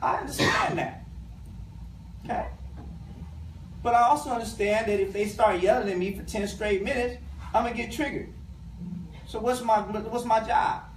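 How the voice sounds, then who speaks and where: A man's voice: high-pitched, slight background noise. Impassioned man speaking in an echoey room. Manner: impassioned, emphatic, colloquial, addresses audience directly. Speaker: guest speaker, education professor. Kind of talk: community talk to a live audience. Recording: echoey room, mic at a distance.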